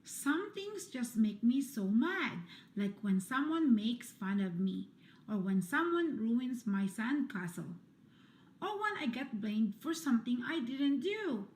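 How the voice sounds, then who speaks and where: A woman reading children's picture books aloud in a slow, sing-song storytelling manner. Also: on the high side, big pitch swings. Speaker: storybook reader.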